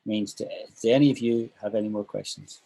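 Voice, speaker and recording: A man's voice: on the low side, fairly even intonation, brisk, vocal fry, mellow, low-quality recording. A man teaching an online English class, chatty and emphatic, repeating phrases for stress.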